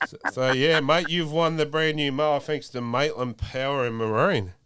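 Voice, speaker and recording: A man's voice: a little high, normal speed, clear, resonant tone, dry recording, clean studio sound. Laid-back man podcast host. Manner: relaxed, chatty, says mate a lot. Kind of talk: casual chat.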